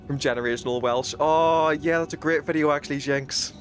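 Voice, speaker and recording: A man's voice: fairly high pitch, steady tone, fairly quick, a little hiss or hum. A British man streaming a game, chatting casually with his viewers in a rambling way, full of fillers and restarts. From United Kingdom. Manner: rambling, many fillers and restarts, reacts to chat.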